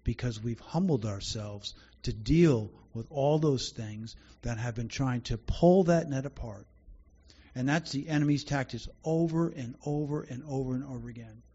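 A man's voice: mid-range voice, warm tone, lo-fi sound. A man preaching a sermon as pastor, earnest and conversational, often restarting his sentences.

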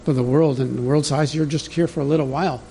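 A pastor preaches a sermon in a conversational, teaching style, addressing the congregation directly. His voice is on the high side yet dark in tone, fast with fairly even intonation, and a little hiss or hum is audible.

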